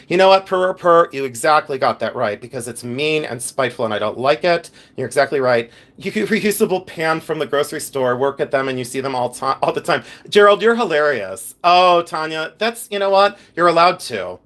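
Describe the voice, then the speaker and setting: Male livestream host, Pennsylvania Dutch accent, higher-pitched voice, rambling chat that reads out viewer comments. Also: expressive, brisk, hardly any pauses, fairly bright tone.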